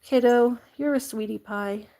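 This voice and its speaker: A woman with a fairly high voice chats casually to the camera while caring for her animals. She giggles often and coos at her pets. Her talk is loose and chatty. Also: unhurried, dark tone, slight background noise. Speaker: vlogger caring for farm animals.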